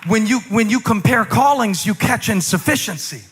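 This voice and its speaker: A male pastor delivers a sermon in a casual, talky way, joking at his own expense before driving points home with raised, emphatic lines. His voice sits high for a man and rings bright and forceful. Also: lively intonation, moderate pace, breathy edge, soft background music, some chatter behind. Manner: chatty and self-deprecating, building to shouted emphasis. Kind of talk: conversational sermon.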